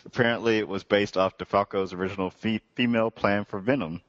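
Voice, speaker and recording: A man's voice: fairly low pitch, fairly even intonation, fast, dry recording, muffled recording. A man hosting a podcast, casually moving the comic review list along in a matter-of-fact way. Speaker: podcast host.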